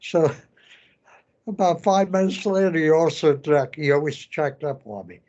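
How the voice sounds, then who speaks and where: An elderly man in his nineties, a veteran telling his story in an oral history interview, halting and repeating words as he goes. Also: on the high side, a little mellow, muffled recording. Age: 90s. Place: veterans center room.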